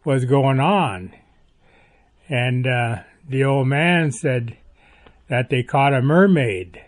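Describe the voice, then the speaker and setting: A man from northwestern Montana retelling a family story in a slow, halting way with many pauses and fillers. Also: medium pitch.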